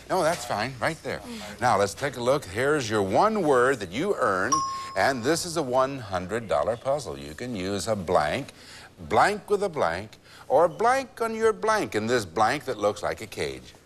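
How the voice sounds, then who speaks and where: A man's voice: medium pitch, big pitch swings, normal speed, a bit bright, a faint crowd. Jovial man hosting a game show. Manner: jovial, chatty, teasing the contestants. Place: TV studio. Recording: noisy 1980s TV tape with studio audience.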